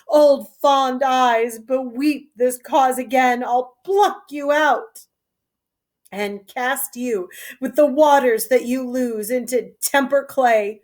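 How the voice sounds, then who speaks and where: A woman reading aloud as an old king, a furious and grieving father, declaiming his curses. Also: fairly high pitch. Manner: declamatory, cursing, tearful. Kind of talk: solo reading of a play.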